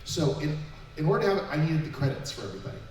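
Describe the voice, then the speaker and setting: A man's voice: a little high, lively intonation, racing, darkish tone. Panelist, male, rambling and chatty, picked up far off in a very echoey room with faint noise. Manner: rambling, restarts mid-sentence. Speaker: panelist answering fan questions. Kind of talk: casual convention panel talk.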